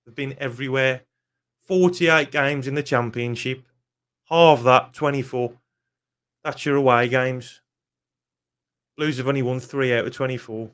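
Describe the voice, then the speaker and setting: A man's voice: mid-range voice, steady tone, normal speed, a bit bright. A young man, ranting angrily and swearing bluntly in a football fan vlog. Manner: angry, swears often, blunt.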